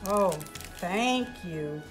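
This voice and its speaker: A woman hosts a doll channel, talking slowly and unhurriedly as she unwraps presents and exclaims over each one. Her voice sits at an ordinary pitch and rings in a roomy, echoing space, with faint music underneath. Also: expressive. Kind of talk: casual unboxing chat.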